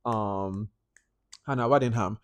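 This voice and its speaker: A man's voice: fairly low pitch, slow pace, no echo. A man giving a casual, chatty movie review, talking animatedly and filling his sentences with "like". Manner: chatty, animated, heavy use of "like". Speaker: film reviewer.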